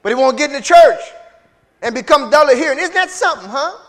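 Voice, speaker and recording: A high-pitched male preacher, working a congregation with call-and-response. His voice rises from hushed lines to loud, ringing ones. The sound carries a long hall reverb. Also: lively intonation, fast. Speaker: pastor. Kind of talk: sermon. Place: large church sanctuary with reverb.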